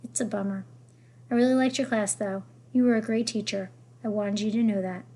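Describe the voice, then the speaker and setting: A woman reading a children's novel aloud, with expressive storytelling. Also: medium pitch, brisk. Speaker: reader.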